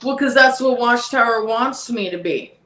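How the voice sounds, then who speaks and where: A woman's voice: on the high side, normal speed, sharp tone. A woman hosting a podcast, talking casually in an exasperated way, laughing and repeating herself. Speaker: podcast host. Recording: echoey room.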